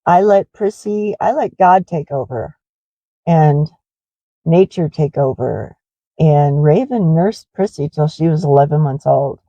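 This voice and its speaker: A woman's voice: deep voice, mellow, dry recording, muffled recording. A middle-aged woman who runs a horse ranch, rambling in a confessional way with many fillers in a casual walking vlog.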